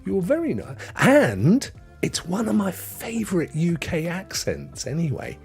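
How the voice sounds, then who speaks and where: Chatty man hosting a live stream; very lively pitch, joking with chat, faint music behind. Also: unhurried, vocal fry. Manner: chatty, jokey, reads chat aloud.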